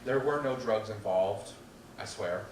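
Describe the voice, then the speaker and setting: A man telling a true personal story to a live audience, wry and animated, acting out the voices of others. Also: fairly low pitch, a little slow. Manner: animated and wry, acts out quotes. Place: stage at a public storytelling night. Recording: echoey room, distant mic, background noise.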